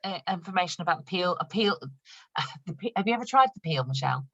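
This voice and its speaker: Woman training newbies over a video call, lowish voice, laughs a lot, upbeat and chatty, slightly dull dry sound. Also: expressive, fast talker, dry recording. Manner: chatty and upbeat, laughs often, demonstrates products while talking. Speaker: senior manager training new consultants. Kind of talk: casual online training session.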